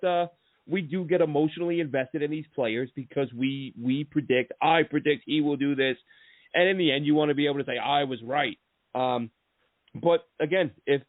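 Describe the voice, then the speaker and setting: A man's voice: a little high, dry recording. A man hosting a casual sports podcast, telling long rambling stories with lots of restarts and asides. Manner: rambling, animated storytelling with many restarts. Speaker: podcast host. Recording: tinny phone-line sound, dry.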